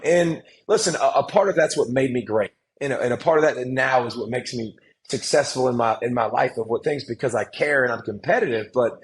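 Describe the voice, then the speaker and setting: A man, telling stories as a podcast guest, emphatic and animated, often restarting his sentences. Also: mid-range voice, poor audio. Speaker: guest, former football player and analyst. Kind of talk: casual podcast conversation.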